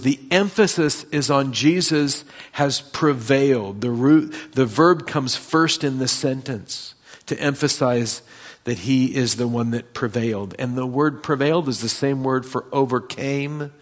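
A man's voice: medium pitch, measured pace. Male preacher, expository sermon, emphatic peaks when reading and stressing key phrases. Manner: reads scripture aloud with rising emphasis.

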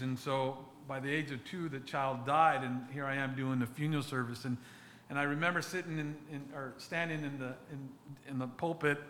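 Bright-voiced pastor preaching earnestly. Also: male voice, medium pitch, slight background noise. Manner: earnest, halting, with many restarts and repeated words. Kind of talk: sermon.

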